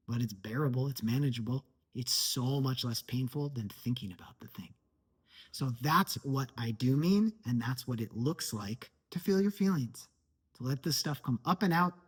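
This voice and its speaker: A man's voice: medium pitch, breathy edge. A man giving an earnest motivational talk as a life coach, stressing points by repetition.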